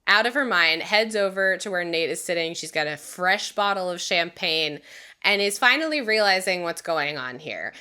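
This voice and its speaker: Young adult woman, bright voice, animated casual recap, quotes characters, laughs and swears. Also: on the low side, normal speed, clean tone. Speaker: podcast co-host.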